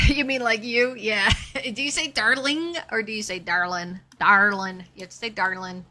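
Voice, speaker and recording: A woman's voice: on the high side, a little fast, pushed and bright, slight background noise. A woman streaming a game live, chatting casually with her viewers and talking herself through what she is doing. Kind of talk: casual live-stream chat while playing.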